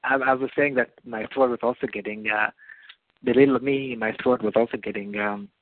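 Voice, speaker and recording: A man with a calm, soothing voice reading a book aloud. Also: mid-range voice, a little fast. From lived many years in Israel. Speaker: guest reader. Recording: tinny phone-like call audio.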